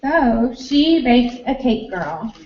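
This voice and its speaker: A woman introducing herself and reading a storybook aloud, slowly and carefully. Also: on the high side, big pitch swings, a little mellow. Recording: roomy, dull, far from mic.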